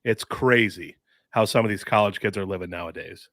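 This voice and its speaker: A man co-hosting a sports podcast, talking in a lively, upbeat way and often saying dude. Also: on the low side, brisk, no room sound, studio quality. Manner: enthusiastic, says dude and mm-hmm. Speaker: podcast co-host. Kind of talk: casual sports chat.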